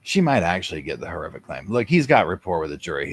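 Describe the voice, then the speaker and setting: A man's voice: low-pitched, sing-song, quick pace, breathy edge. A man giving chatty, sarcastic live commentary over a courtroom stream, acting out what people in the room might be thinking. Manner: chatty, sarcastic, acts out people's thoughts in asides.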